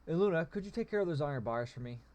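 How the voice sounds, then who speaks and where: A man's voice: fairly high pitch, lively intonation, rapid-fire, a little mellow, pitched above the performer's own voice, close to an everyday voice. A man voicing a smug scheming goblin general. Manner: smug, teasing, pompous wording. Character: sly mocking male goblin general, scheming.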